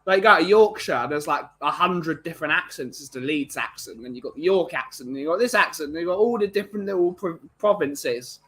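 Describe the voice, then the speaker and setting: Rambling English male host reading out chat, bright slightly high voice. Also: animated, a little fast, few pauses, husky. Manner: chatty, rambling, greets chatters by name. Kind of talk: casual live-stream chat.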